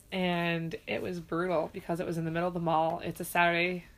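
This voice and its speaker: A woman's voice: lowish voice, steady tone, normal speed, a little hiss or hum. A woman, a mother, chatting casually and candidly, swearing freely and acting out quoted lines. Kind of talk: casual chat.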